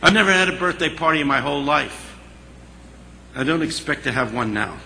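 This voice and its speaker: A man's voice: fairly high pitch, animated, a little fast, creaky, pushed and bright, heavily acted. A man voicing a timid, lonely woman. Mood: hurt. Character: lonely middle-aged woman, hurt and timid. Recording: long hall reverb, faint hiss.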